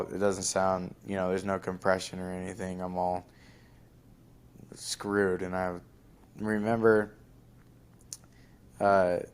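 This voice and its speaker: Deep-voiced young man telling a story. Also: clean tone. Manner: rambling, lots of fillers and likes. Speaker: podcast host. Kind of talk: casual storytelling.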